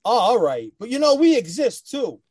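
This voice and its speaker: A man from New Jersey with a Jersey accent, co-hosting a podcast in an animated, joking, argumentative way. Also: extremely high pitch, moderate pace, a loud crowd. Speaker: podcast co-host. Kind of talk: casual podcast chat.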